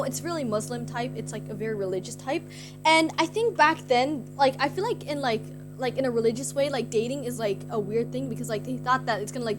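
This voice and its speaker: A young woman streamer casually telling a story to her chat, rambling with lots of "like" fillers, giggly and self-conscious. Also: on the high side. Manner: rambling, heavy use of "like" fillers. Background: guitar music.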